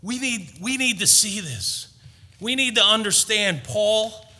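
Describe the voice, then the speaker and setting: A man preaches with a high, bright, ringing voice, pressing hard on key words and slipping in playful asides. His voice carries a long reverb, as in a big hall. The delivery swings between teaching and rising fervor. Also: lively intonation, measured pace. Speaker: pastor. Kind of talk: sermon.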